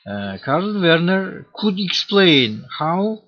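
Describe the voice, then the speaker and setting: A man giving an academic lecture on historical linguistics, speaking haltingly with many pauses and fillers. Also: high voice, very animated. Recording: dull lo-fi recording.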